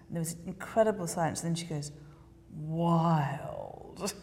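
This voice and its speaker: An English woman with a slightly low voice tells a story in a casual interview, animated and full of little acted-out quotes. Her words trail off into a long, hall-like reverb. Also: rapid-fire, slight background noise. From England. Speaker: documentary filmmaker guest.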